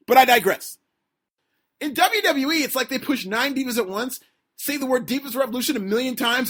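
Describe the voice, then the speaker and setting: A man hosts a podcast alone, ranting with sarcastic emphasis and often rising close to a shout. His voice is slightly husky, and the pitch swings in lively leaps from low grumbles to sharp peaks. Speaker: podcast host. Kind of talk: opinionated solo podcast rant.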